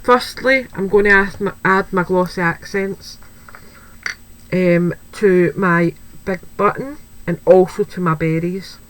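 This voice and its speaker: Slow, chatty woman demonstrating crafts. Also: lowish voice, steady tone, a bit bright, poor audio. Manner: chatty, self-deprecating, thinks aloud. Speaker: card-making demonstrator. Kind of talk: craft tutorial, talking while working.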